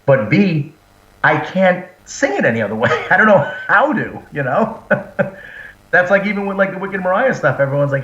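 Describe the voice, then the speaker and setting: A metal band's singer and frontman, appearing as a guest, chats in a casual interview, animatedly telling stories and acting out quotes. His voice sits high and his pace is moderate. The sound is roomy, dull and lo-fi, with slight background noise.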